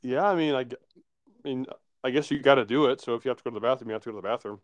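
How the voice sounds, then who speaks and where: A young man co-hosts a casual podcast. His voice is smooth and dry against the mic, and he talks in a relaxed way with quick reactions. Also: medium pitch, no room sound. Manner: relaxed, chiming in with short reactions. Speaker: podcast co-host. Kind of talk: casual chat.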